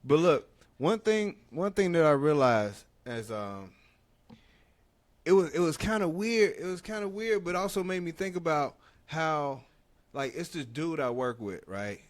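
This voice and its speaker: A man hosting a casual podcast, telling stories in an animated way and mimicking other people's voices. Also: fairly high pitch, unhurried. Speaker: podcast host.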